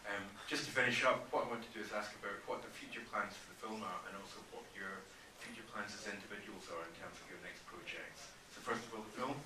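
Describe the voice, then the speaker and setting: A lower-voiced man hosts an audience Q&A at a film festival, moderating in an easy, slightly halting way. His voice carries through a roomy cinema, caught from afar with clear background noise. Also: distant mic. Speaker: Q&A host. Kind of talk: hosting a festival Q&A. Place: cinema auditorium.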